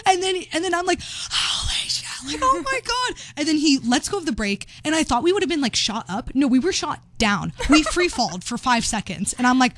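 A woman's voice: high voice, very animated, brisk, few pauses, background noise. A young woman telling a travel story in casual chat, chatty and laughing, acting out quotes. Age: young adult. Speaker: vlogger.

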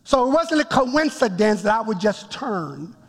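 A man preaching a sermon, telling his story with emphatic build-ups that rise toward shouts. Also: high-pitched, very animated, a little slow, slightly rough, faint music behind. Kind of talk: sermon testimony. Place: church sanctuary before a congregation. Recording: long reverb of a large hall.

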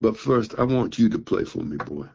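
A stern old one-eyed blues master, as a man puts him on, gruff and husky, dull recording. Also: lowish voice, lively intonation, normal speed, a little mellow, voice pushed up, heavily acted. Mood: stern teasing. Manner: gruff, teasing, calls the listener boy.

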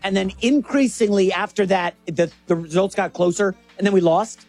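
A co-host on a sports talk show, chatty and animated, setting up topics. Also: mid-range voice, faint music behind. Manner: chatty, animated, quick asides.

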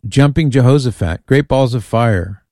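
Male call-in radio host: low, warm, dry studio sound, easygoing and amused. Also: normal speed, dry recording. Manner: chatty, amused, reads listener emails aloud.

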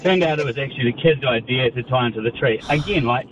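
A New Zealand man phones in to a radio show and spins a casual yarn, stumbling over restarts and laughing as he goes. His voice sits at an ordinary pitch, and it comes through a dull, muffled phone line with clear background noise. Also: fast. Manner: chatty, laughing, many ums and restarts. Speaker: radio caller. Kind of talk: casual storytelling on a call-in show.

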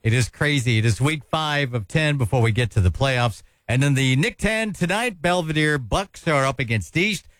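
A man hosting a morning radio show, chatting upbeat and reading local listings briskly into a studio microphone. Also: mid-range voice, expressive, fairly bright tone, dry recording. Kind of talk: casual radio chat and announcements.

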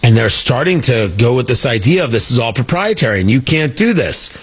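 A man's voice: mid-range voice, very animated, fairly quick, a bit bright, husky. A middle-aged man hosting a talk radio show, delivering an emphatic, opinionated monologue with joking asides into a studio microphone.

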